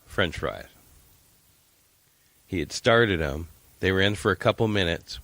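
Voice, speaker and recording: A man's voice: low-pitched, unhurried, no room sound. A middle-aged man co-hosting a casual podcast, telling a family story and acting out the quotes. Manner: animated storyteller, acts out quotes. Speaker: podcast co-host. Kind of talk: casual chat.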